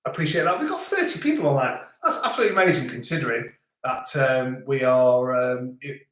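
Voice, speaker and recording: A man's voice: mid-range voice, lively intonation, brisk, a bit bright. A middle-aged man hosting a live stream, chatting casually and rambling as he reads out viewer comments. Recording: echoey room.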